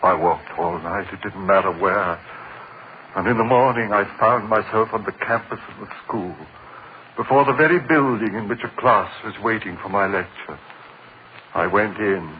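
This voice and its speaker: A man's voice: lowish voice, normal speed, a little hiss or hum, close to an everyday voice. Actor as a haunted man sliding into madness. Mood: brooding. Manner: intense, breaking into frantic cries. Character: lecturer losing his mind, haunted. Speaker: narrator and lead. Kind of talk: 1940s radio acting. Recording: muffled old radio recording.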